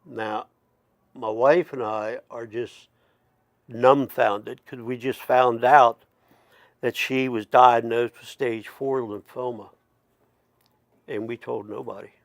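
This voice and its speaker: A middle-aged man tells a long personal story at a slow, unhurried pace. His voice has a gravelly, creaky texture and sounds dry and close. He rambles, stops to restart and wanders into asides. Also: medium pitch, fairly even intonation, no room sound. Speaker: storyteller, Métis chief. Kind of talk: casual spoken storytelling.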